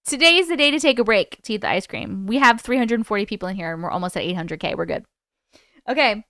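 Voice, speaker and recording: A woman's voice: medium pitch, expressive, fast, fairly bright tone, no room sound, studio quality. A woman hosting a live stream, chatting casually and swearing freely before reading viewer stories.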